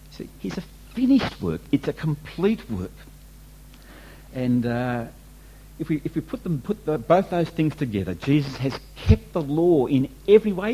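Husky, lively male preacher. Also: mid-range voice, low-quality recording. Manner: emphatic, repeats and restates points, rhetorical questions. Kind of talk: sermon.

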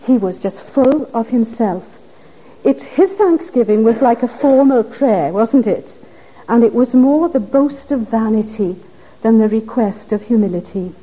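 A woman's voice: on the high side, expressive, measured pace, dark tone, slightly rough. A woman preaching a sermon, pressing her listeners with earnest, pleading questions. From Wales. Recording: dull lo-fi recording.

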